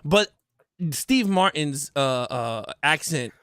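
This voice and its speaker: Bright-voiced man stammering eagerly. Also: fairly high pitch, lively intonation, slow, clear, resonant tone, dry recording, studio quality. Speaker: podcast co-host. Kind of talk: casual movie review chat.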